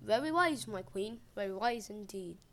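A woman's voice: mid-range voice, lively intonation, normal speed, voice pushed down, natural voice. A woman voicing a grieving goddess disguised as an old woman, putting on an old lady voice. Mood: humble.

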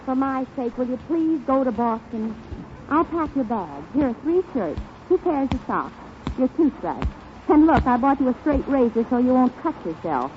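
A woman's voice: sits high, sing-song, moderate pace. A woman playing a bossy, scheming young wife in a 1930s radio comedy sketch, brassy and wisecracking, on a tinny, crackly broadcast recording.

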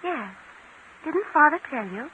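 A woman's voice: high-pitched, expressive, sharp tone, a little hiss or hum, full character voice. Eerie unstable young woman. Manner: slow, dreamy, unsettling. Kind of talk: 1940s radio acting. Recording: tinny old 1940s radio broadcast.

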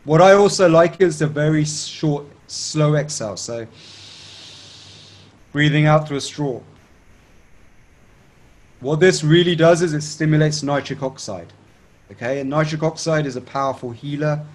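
A man teaching breathing techniques step by step, calmly checking in with his listener and chanting tones to demonstrate. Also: fairly high pitch, unhurried, pauses often. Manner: calm instructive, checks in with "okay?". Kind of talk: guided breathing instruction.

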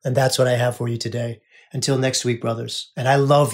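A man hosting a spiritual podcast, talking earnestly in a monologue, repeating phrases and often dropping to a soft hush. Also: mid-range voice, steady tone, a little fast, hardly any pauses. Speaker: podcast host.

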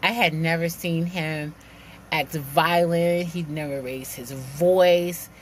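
A woman's voice: deep voice, slow, slight background noise. Woman telling a spooky personal story. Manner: animated retelling with quoted dialogue and laughs.

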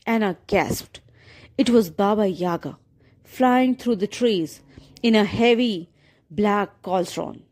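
A woman gently and expressively narrating a children's fairy tale. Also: mid-range voice, takes it slowly. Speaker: storyteller. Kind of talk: scripted storybook narration.

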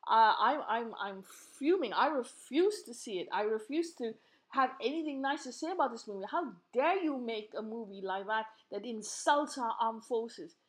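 A woman with a fairly high voice speaks as a podcast host in a heated, indignant monologue. She repeats words and restarts sentences as her feelings run high. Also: expressive, moderate pace. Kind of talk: impassioned opinion monologue.

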